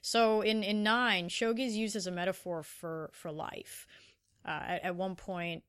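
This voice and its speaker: Chatty woman with a smooth voice. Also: medium pitch, measured pace. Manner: animated, with many fillers and restarts. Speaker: podcast co-host. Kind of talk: casual chat recapping anime episodes.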